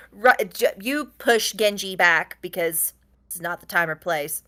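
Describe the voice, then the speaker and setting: A woman's voice: lowish voice, slow, sharp tone. A woman narrating as game master for a tabletop game, rambling with many fillers and frequent laughs.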